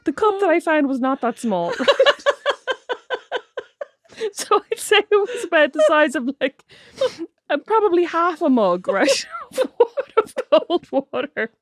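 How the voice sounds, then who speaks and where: A woman's voice: sits high, big pitch swings, measured pace, long pauses, no room sound, clean studio sound. A woman in her thirties co-hosting a podcast, telling a family story with lots of laughter. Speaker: podcast co-host. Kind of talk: casual chat.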